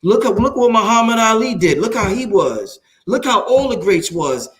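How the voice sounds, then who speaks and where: A man talks with a high voice, full of excitement and confidence as he hosts a livestream. His speech is loose and casual, with swearing. The sound rings around an echoey room. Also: moderate pace. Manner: hyped, excited and self-assured, swears freely. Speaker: livestream host.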